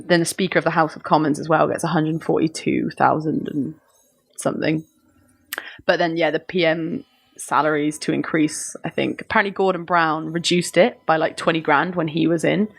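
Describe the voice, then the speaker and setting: Low-voiced woman, hesitant chat. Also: fairly even intonation, normal speed, creaky. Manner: hesitant, lots of ums, laughs often. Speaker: podcast co-host. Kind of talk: casual chat.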